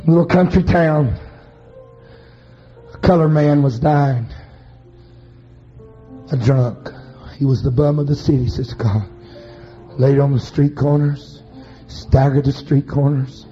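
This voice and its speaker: A man preaching a revival sermon, telling a story and shouting as he builds to high chanting climaxes. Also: slow pace, long pauses. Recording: muffled recording with faint music.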